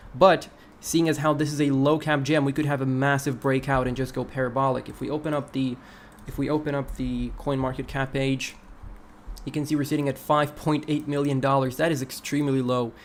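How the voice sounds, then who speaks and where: A man of ordinary middle pitch hosts a live crypto stream. He talks through charts in a relaxed, conversational way and stops now and then to read viewer messages aloud. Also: brisk, slight background noise. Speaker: crypto livestream host. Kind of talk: casual livestream chart analysis.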